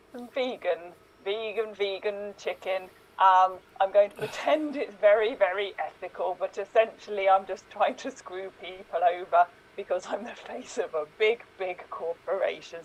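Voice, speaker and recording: A woman's voice: medium pitch, darkish tone, breathy edge, highs cut off. A woman improvising a down-on-his-luck fried chicken boss trying to sell vegan chicken, rambling and self-mocking. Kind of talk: improv comedy scene.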